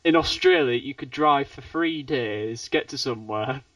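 A UK man with a medium-pitched, fairly bright voice speaks at normal speed on a dry recording from a dull, distant podcast mic. He hosts a casual podcast chat, rambling with restarts and laughing often.

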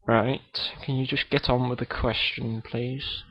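Hesitant podcast host. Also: male voice, medium pitch, flat delivery, dry recording. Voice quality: hesitant, full of ums and pauses. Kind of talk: comedy podcast interview. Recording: dull lo-fi recording.

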